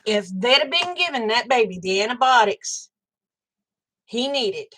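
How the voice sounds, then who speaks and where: Woman, older, higher voice, livestream chat, blunt, angry, swearing. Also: expressive, unhurried, sharp tone. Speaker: livestream host. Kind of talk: casual livestream chat with viewers.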